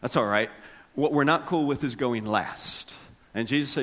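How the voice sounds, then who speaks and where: A middle-aged man preaching a sermon as pastor, conversational and humorous, acting out quotes with big swings in pitch. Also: normal speed, pushed and bright.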